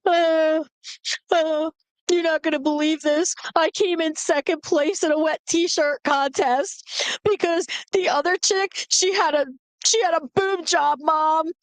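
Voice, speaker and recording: Whiny, indignant carefree sister, squeaky high, as a woman puts her on. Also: a little fast, few pauses, no room sound. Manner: whiny, pleading.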